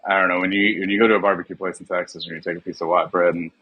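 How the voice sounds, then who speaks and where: Low husky-voiced man, casual chat. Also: racing, no echo, lo-fi sound. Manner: relaxed, laughs easily, trails off. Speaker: guest, barbecue pitmaster.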